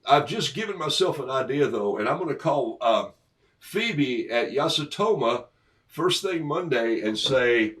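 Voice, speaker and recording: A man's voice: mid-range voice, animated, a little slow, fairly bright tone. A middle-aged man painting live for viewers, talking casually through each stroke, amused by his own jokes, with a cough today. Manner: chatty, self-amused, talks through each brushstroke. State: has a cough. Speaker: artist painting on a livestream.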